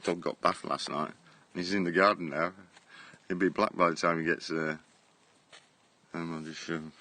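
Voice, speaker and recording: Deep-voiced man rambling on a phone stream. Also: steady tone, normal speed, bright, forceful tone, a little hiss or hum. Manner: rambling, blunt, laughs often, swears. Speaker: live streamer. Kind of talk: casual live-stream chat. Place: outdoors in a garden. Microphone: phone held at arm's length.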